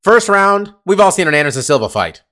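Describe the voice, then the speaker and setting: A man's voice: high voice, very animated, fairly quick, sharp tone. A man co-hosting a podcast, chatting casually in a rambling, profane way with lots of fillers. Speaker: podcast co-host. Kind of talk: casual chat. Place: California.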